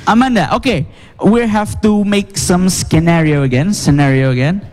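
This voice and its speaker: A man's voice: sits high, moderate pace, darkish tone. A man hosting a live English class, playful and joking with the room. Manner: playful, switches between teaching and joking.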